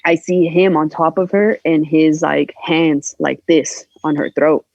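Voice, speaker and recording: A woman guest on a podcast, candidly telling a personal story in a halting, emotional way, acting out the voices she quotes. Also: sits low, steady tone, creaky, a little mellow, no room sound. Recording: dull lo-fi sound.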